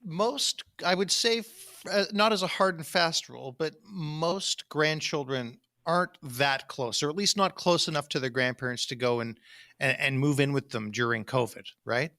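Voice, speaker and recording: Male radio host, bright tone, thoughtful, halting phrasing. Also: fairly high pitch. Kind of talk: radio interview.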